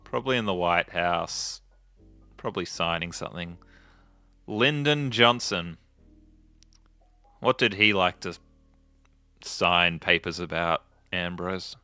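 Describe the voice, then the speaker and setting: Bright, slow-talking man. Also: deep voice, no echo, faint music behind. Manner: chatty, joking, rambling storyteller. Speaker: gaming video host. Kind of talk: casual gameplay commentary.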